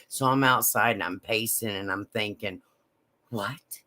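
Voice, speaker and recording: A woman telling a personal story in a slow, halting, emotional way. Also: rumbling low, sharp tone. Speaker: vlogger.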